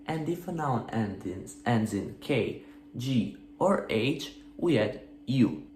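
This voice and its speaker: A man teaching a language lesson, explaining grammar rules patiently, step by step, and asking rhetorical questions. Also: mid-range voice. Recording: echoey room with faint hum.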